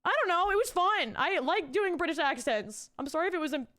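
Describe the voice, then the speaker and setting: A woman's voice: very high voice, lively intonation, brisk, bright, forceful tone. A young adult woman, streaming and chatting casually, bubbly and rambling as she thanks her chat.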